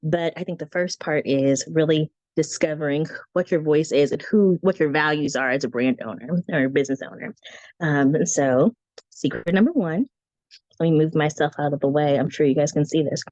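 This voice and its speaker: A woman with a squeaky voice, teaching branding in a casual, chatty way with breezy asides, heard over a video call. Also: moderate pace, a little mellow, no echo. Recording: dry, dull lo-fi call audio.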